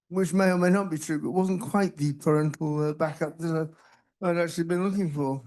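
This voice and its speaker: An older man on a panel telling stories about his treatment, halting and self-deprecating, with many restarts. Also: on the high side, darkish tone. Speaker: panelist, researcher with Parkinson's. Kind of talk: casual anecdotal talk. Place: conference hall.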